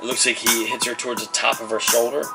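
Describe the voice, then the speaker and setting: A man's voice: medium pitch, little pitch movement, fast talker, vocal fry, rough recording. A man narrating a tabletop game as game master, rambling with lots of fillers as he describes the action. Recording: loud background music.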